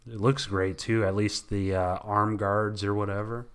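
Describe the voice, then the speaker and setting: Rambling low-voiced man with a bright tone. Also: little pitch movement, moderate pace, clear, resonant tone. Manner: rambling, self-correcting. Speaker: podcast co-host. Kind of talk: casual chat.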